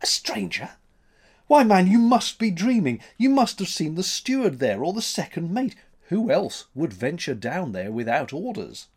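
A man voicing a gruff, skeptical male sea captain in a spoken story, brusque and commanding. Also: a little high, sing-song, normal speed, a little mellow, pitched above the performer's own voice, exaggerated voice.

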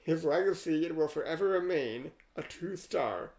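A man co-hosting a podcast, casually chatting and reading a rhyming poem aloud with deadpan, wry asides. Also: a little high, normal speed, rough recording. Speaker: podcast co-host.

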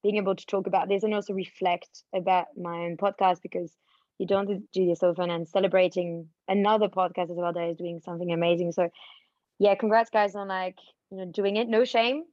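A woman appearing as a guest on a podcast, talking warmly and effusively, over a dull remote line. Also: fairly low pitch, a little fast, no echo. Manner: warm, effusive thanks, animated. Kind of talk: casual podcast chat.

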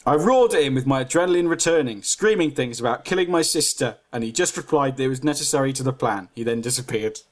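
A man's voice: medium pitch, animated, fast talker, few pauses. A man reading his own story aloud on a podcast, giggly and self-mocking, breaking off to comment.

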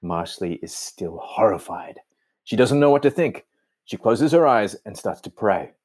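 Brief: low-pitched male host, dry teasing humor, reads scene directions. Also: expressive, measured pace, a little mellow, slightly rough, dry recording. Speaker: host and narrator. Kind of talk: joking chat and scene narration.

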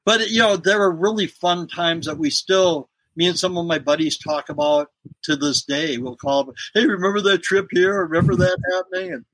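A man's voice: sits high, normal speed, fairly bright tone, no room sound, rough recording. A middle-aged man, a former wrestler, telling road stories in a casual interview and laughing often. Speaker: guest, former pro wrestler.

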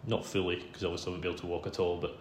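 A Scottish-accented podcast host, here appearing as the guest, tells a long story in a chatty, self-deprecating way and laughs often. His low voice stays level in tone and races along. The recording has a roomy sound with a faint background hum.

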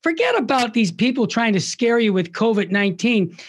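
An older man, a Catholic radio founder, telling stories with passion in an animated interview and acting out the people he quotes. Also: very high-pitched, normal speed. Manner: impassioned, acts out quoted voices.

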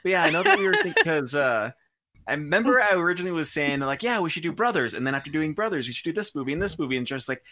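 A podcast co-host talking quickly in a chatty way, casual chat on a live show. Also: medium pitch, sing-song, noisy background.

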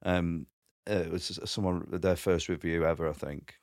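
A comedian guest on a podcast, this man has a low voice at normal speed, recorded studio-quality with no echo. He tells stand-up stories in a casual chat, animatedly acting out quotes and laughing often.

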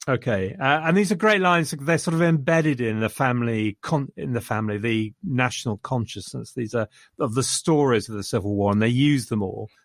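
A man's voice: medium pitch, moderate pace, hardly any pauses, no room sound, studio quality. A man chatting casually about a film he enjoyed, rambling enthusiastically and quoting lines. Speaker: podcast co-host reviewing a film. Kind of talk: casual chat.

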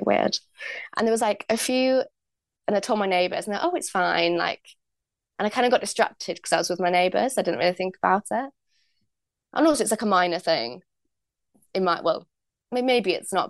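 A woman's voice: mid-range voice, creaky, dry recording, studio quality. A young woman, a podcast guest telling a personal story in a chatty way, full of likes and ums, acting out what people said. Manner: chatty, many likes and ums, acts out quoted dialogue. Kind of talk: candid storytelling.

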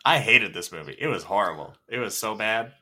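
A man's voice: on the low side, expressive, a little fast, pushed and bright, a little hiss or hum. A man co-hosting a movie podcast, chatting casually with a joking, sarcastic manner. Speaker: podcast co-host. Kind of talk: casual chat.

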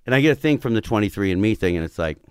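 A man's voice: fairly low pitch, animated, racing, clear, resonant tone, dry recording, studio quality. Profane storytelling man in his forties. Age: 40s. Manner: profane storyteller acting out quotes, bursts of loud laughter. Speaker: guest telling a story. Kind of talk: casual chat.

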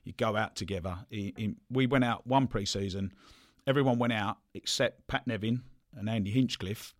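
A man from telling football stories in a relaxed, chatty way, laughing often. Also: on the low side, normal speed, no room sound. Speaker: podcast guest, former footballer. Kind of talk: casual anecdote telling.

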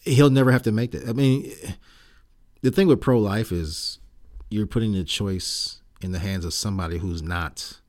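A man with a low, deep voice co-hosts a relaxed podcast conversation. He talks in halting stretches full of fillers and restarts, and slips into teasing, jokey banter. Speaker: podcast co-host. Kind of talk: casual chat.

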